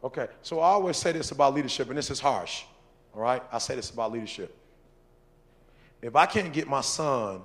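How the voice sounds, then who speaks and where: A man leading a church talk on marriage and leadership. He speaks to the men in the audience directly, repeats his phrases for emphasis and laughs between points. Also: medium pitch. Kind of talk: informal preaching talk with audience questions.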